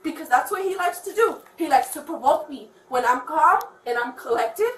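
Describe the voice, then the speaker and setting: A woman's voice: high voice, expressive, normal speed, reverberant, distant mic, poor audio. A woman giving an agitated, rambling statement to police at her home, swearing and quoting others, recorded on a body camera. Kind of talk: heated spoken account.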